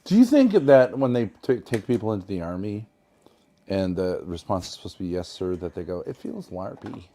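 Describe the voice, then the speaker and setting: A man's voice: on the low side, animated, brisk, warm tone, a little hiss or hum. A man streaming live, bickering in a grumpy, sarcastic, bossy way. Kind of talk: bickering livestream chat.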